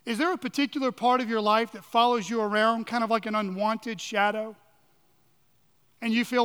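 A man's voice: very high voice, steady tone, normal speed, fairly bright tone, smooth. A male pastor delivering an earnest, emphatic sermon full of rhetorical questions, recorded in a church sanctuary. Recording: long reverb of a large hall.

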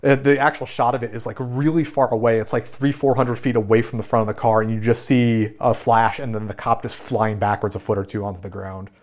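A man hosting a podcast recaps a film scene by scene in a relaxed way, using lots of fillers. His mid-range voice moves fairly quickly, with hardly any pauses.

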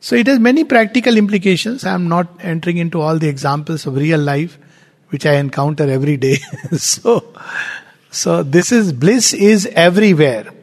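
Indian guy giving a spiritual talk, fairly high voice, lively, asks questions then answers them, big echoey hall. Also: normal speed. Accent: Indian English. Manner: animated, explanatory, with rhetorical questions. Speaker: spiritual teacher. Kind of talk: spiritual lecture. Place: lecture hall at a centre. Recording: long hall reverb.

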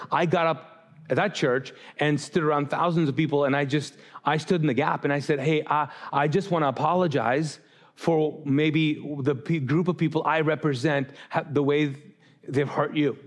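A man's voice: a little high, fairly even intonation, moderate pace. A man preaching a sermon as pastor, talking directly to the congregation, often restarting his sentences and acting out the voices of people he quotes. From grew up Muslim. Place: church stage.

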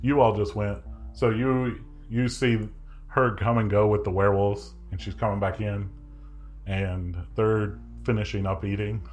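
A man narrating a tabletop game as game master, relaxed and chatty with many fillers. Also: fairly low pitch, a little slow, faint music behind.

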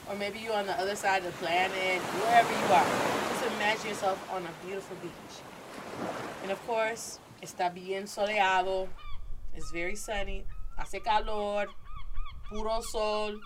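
A woman's voice: mid-range voice, steady tone, moderate pace, noisy background. Playful woman teaching Spanish. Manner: playful, rhythmic, switches between English and Spanish. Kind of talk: lively language lesson.

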